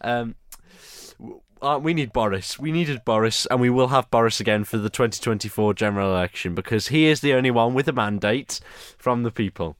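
A man's voice: mid-range voice, fairly quick, clean tone, no room sound, clean studio sound. A man co-hosting a casual political chat show, with playful, cheeky banter. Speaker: co-host.

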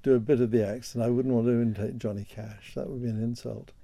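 A man's voice: medium pitch, steady tone, fast, creaky, mellow, no room sound. An older man talking as a guest in a radio interview, hesitant and often repeating words as he starts a thought.

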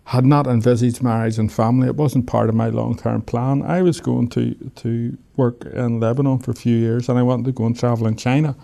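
A man's voice: medium pitch, fairly even intonation, brisk, creaky, few pauses, dark tone. An Irish man, a guest in an interview, tells his story in a reflective, wry way and often laughs while he talks. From Ireland.

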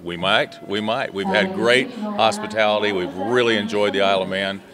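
A man's voice: on the low side, normal speed, crowd noise. An American man who leads a student agriculture tour, answering interview questions earnestly and advocating for farming, with some restarts. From USA.

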